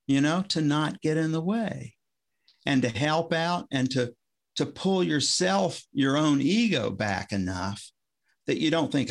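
Gravelly-voiced man telling coaching stories. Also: on the high side, animated, unhurried. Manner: rambling, self-interrupting, chuckling storyteller. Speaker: former swim coach, guest. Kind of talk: casual podcast conversation.

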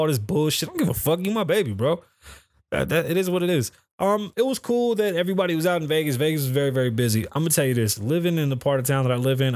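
A man's voice: fairly high pitch, no echo. Blunt, profane man podcasting solo. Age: adult, calls himself too old for festivals. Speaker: podcast host. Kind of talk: casual solo podcast commentary. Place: home in Las Vegas.

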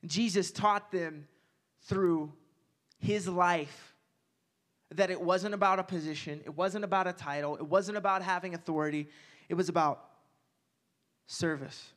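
A young man giving a casual, energetic sermon as a youth pastor, joking aside and repeating phrases. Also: sits high, measured pace, pauses often.

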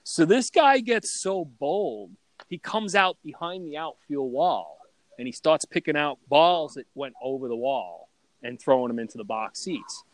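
A man telling loud, profane stories in a casual podcast chat. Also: a little high, a little slow, no echo. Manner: loud, profane, animated storyteller. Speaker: guest storyteller.

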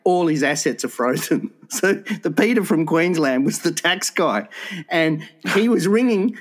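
Man, slightly raised pitch, loose casual storyteller, swears and laughs a lot. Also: lively intonation, a little slow. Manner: swears freely, laughs through his stories.

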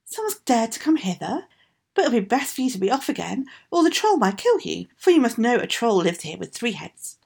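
A woman voicing a young princess who warns the hero in a high, urgent voice. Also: sing-song, fairly quick, vocal fry, darkish tone, husky, full character voice. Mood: alarmed. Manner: high, breathless warnings.

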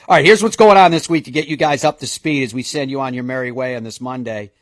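Man, golf radio host, casual, jokey, mid pitch, dry close sound. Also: quick pace, few pauses, no echo. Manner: chatty, jokey, rattling off schedules.

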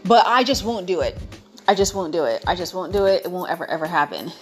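A woman's voice: lowish voice, expressive, quick pace, soft background music. A young American woman chatting to her viewers in a playful, emphatic way, piling up repetitions for effect. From United States. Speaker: vlogger. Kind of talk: casual chat to viewers.

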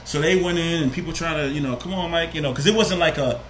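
A man's voice: on the high side, fast talker, roomy sound, slight background noise. A man with a New Jersey accent telling a personal story in casual, profane chat, acting out what people said. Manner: animated, profane, acts out quotes.

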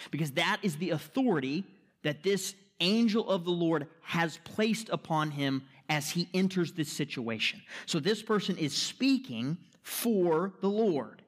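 A man preaching a sermon as pastor, emphatic, posing rhetorical questions and checking in with the listeners. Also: high voice. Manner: checks in with "right?" and "okay?".

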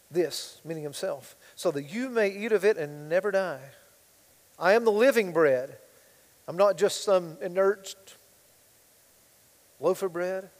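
A man preaching a sermon as pastor, swinging between loud emphatic bursts and quiet asides. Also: sits high, big-room sound, rough recording.

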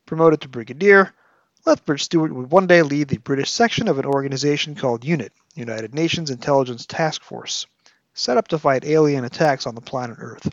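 A man's voice: fairly high pitch, fairly quick, dry recording, muffled recording. A man hosting a podcast, reviewing a novel with analytical, wry commentary and reading excerpts aloud. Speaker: podcast host.

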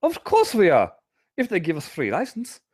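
A man voicing a male game developer in a mock German accent, reading answers in halting broken English. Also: high voice, huge pitch swings, a little mellow, slightly rough, pitched above the performer's own voice, heavily acted. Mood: earnest.

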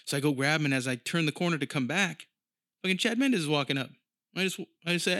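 A man's voice: on the high side, fast talker, a bit bright, dry recording, clean studio sound. A man in his thirties hosting a casual podcast monologue, rambling and swearing freely as he tells stories. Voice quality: profane, rambling storyteller. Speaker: podcast host.

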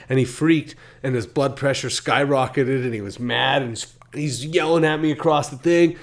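A man's voice: mid-range voice, normal speed, few pauses. A man hosting a podcast, rambling through stories and acting out what people said. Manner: rambling storyteller, quotes people in voices. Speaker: podcast host. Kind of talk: casual podcast chat.

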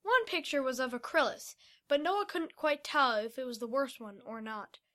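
High, bright woman reading a story. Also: animated, normal speed. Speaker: story reader. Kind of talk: storybook narration.

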